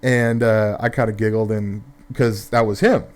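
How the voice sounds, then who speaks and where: A man's voice: on the low side, flat delivery, normal speed. A young man telling a rambling, profane story in casual gameplay commentary, full of fillers and restarts.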